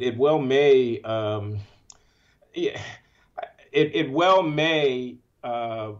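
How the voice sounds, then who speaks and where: A man's voice: medium pitch, darkish tone. Emphatic older man, dull lo-fi sound. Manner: emphatic, building repetition, speaks with feeling. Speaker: economics professor, interview guest. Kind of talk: impassioned interview answers.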